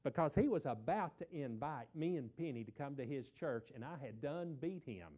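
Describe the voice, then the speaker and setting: A middle-aged man, a preacher telling a folksy story in a sermon, repeating words and swelling louder for emphasis. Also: mid-range voice, animated, moderate pace.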